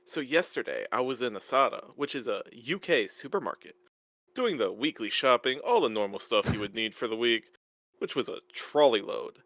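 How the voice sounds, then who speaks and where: A man reading a story aloud to friends, in a lively, animated way. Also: medium pitch, normal speed, no echo. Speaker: story reader.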